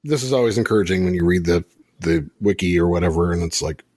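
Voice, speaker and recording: Male podcast host, lowish husky voice, animated and rambling in loose chat. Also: quick pace, dry recording, clean studio sound. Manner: animated, laughing, rambling with fillers. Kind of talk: casual chat.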